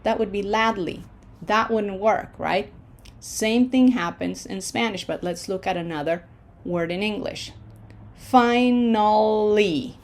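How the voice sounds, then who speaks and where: A woman teaching an online pronunciation lesson, patient and reassuring, slowing down to sound out words syllable by syllable. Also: mid-range voice. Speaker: language teacher.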